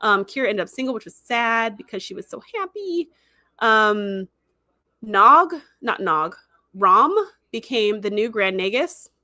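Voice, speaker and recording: A woman hosting a livestream, recapping a show in a chatty, animated way full of "like" and "um.". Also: mid-range voice, unhurried, no room sound, clean studio sound. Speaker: livestream host. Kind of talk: casual episode recap.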